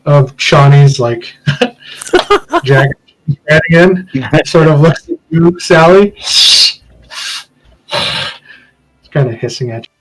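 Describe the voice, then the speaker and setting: A man's voice: fairly high pitch, fairly bright tone, poor audio. A man running a tabletop game as game master, describing scenes in a loose, hedging way full of fillers.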